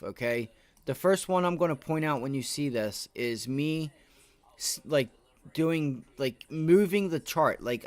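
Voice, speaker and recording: A tired man hosting a trading livestream, rambling to his chat with many restarts. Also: mid-range voice. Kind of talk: casual live-stream talk.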